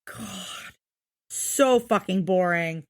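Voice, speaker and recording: A woman's voice: mid-range voice, very slow. A woman co-hosting a podcast, recapping a show in casual chat, exasperated and swearing often as she acts out what people said. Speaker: podcast co-host.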